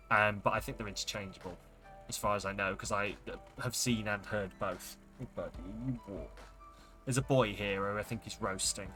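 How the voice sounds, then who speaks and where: A chatty man commenting on a story game as he plays, rambling and correcting himself as he goes. His voice sits at an ordinary middle pitch, with soft game music underneath. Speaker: streamer.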